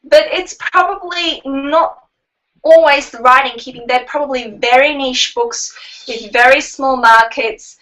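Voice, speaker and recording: A high-pitched woman chats her way through book news as a podcast co-host, rambling a little and quoting numbers. Her voice sits slightly back from the microphone. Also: unhurried, a bit bright, far from the mic, poor audio. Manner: chatty, rambling, cites figures. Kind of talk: casual podcast chat about book news.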